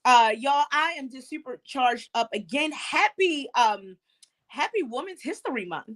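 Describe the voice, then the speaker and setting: A middle-aged woman hosting an online talk show, energetic and preacherly, with many fillers. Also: high-pitched, unhurried. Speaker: host.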